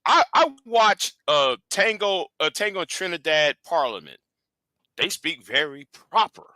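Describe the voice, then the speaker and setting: Bright, halting man on a panel. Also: on the high side, big pitch swings, no room sound. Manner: halting, searches for words, trails off. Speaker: podcast panelist. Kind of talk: casual chat.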